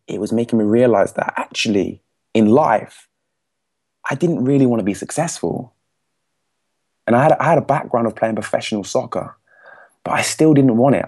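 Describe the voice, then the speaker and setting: A young man from England tells his story with an English accent on a podcast. His voice sits a bit low, but he talks with animation, laughs often and drops into other people's voices when he quotes them. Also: warm tone. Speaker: podcast guest, speaking coach. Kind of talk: casual storytelling.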